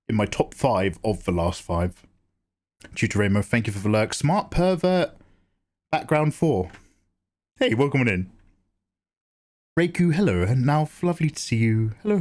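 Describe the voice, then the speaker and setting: A man's voice: on the low side, darkish tone. A man chatting loosely on a drawing livestream, swearing, joking and greeting chat by name. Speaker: streamer and artist.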